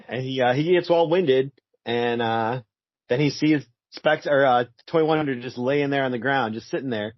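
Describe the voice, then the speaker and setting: A man's voice: medium pitch, normal speed, long pauses, dry recording. Chuckling man on a dry lo-fi mic. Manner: chuckly, laughs often while reading out panels. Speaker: podcast co-host. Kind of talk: casual chat reviewing a comic.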